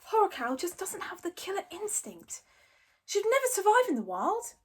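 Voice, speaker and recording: A woman's voice: very high voice, wildly swooping pitch, normal speed, voice pushed up, heavily acted. A woman voicing a gloomy young Viking boy who drawls, in a storybook reading. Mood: despairing.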